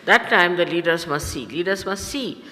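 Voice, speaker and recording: Indian woman spiritual teacher, bright and forceful tone, stern and instructive, long hall echo. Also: fairly low pitch, lively intonation, normal speed. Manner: admonishing, instructive, with frequent hesitations. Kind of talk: archival spiritual talk to followers.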